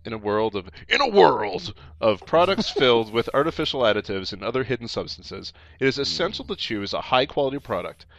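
A man's voice: medium pitch, big pitch swings, fairly quick, vocal fry, few pauses, a bit bright, no echo, lo-fi sound. A man on a comedy podcast reading product copy aloud, stumbling and laughing as he goes.

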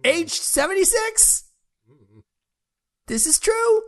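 A woman's voice: very high-pitched, expressive, takes it slowly, exaggerated voice. A woman putting on a Welsh accent, playing a chipper, crude woman who reviews games and is rowdy and gleeful. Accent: put-on Welsh. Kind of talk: comic reading of a review in character.

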